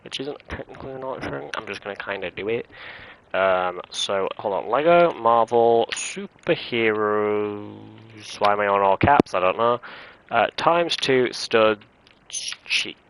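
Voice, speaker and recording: A man's voice: on the low side, expressive, measured pace, a bit bright, slight background noise. Rambling young male game streamer. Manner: rambling, chatty, nostalgic, filler-heavy. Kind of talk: casual gaming stream commentary. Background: game music.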